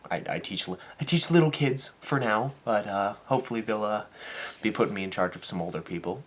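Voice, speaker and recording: Deep-voiced young man telling a story. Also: fairly quick. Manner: animated, acts out quoted people in the story; turns soft and earnest on serious topics. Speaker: vlogger and dance teacher. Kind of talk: casual storytelling vlog.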